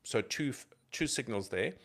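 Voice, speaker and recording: A man's voice: medium pitch, animated, moderate pace, a bit bright. A man co-hosting a tech podcast, explaining security ideas emphatically with lots of rhetorical questions. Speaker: podcast co-host.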